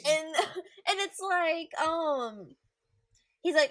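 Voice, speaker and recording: A woman's voice: high voice, lively intonation, slow, pauses often. A woman co-hosting a podcast, chatting about a book with exasperated sighs and groans. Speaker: podcast co-host. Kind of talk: casual book discussion.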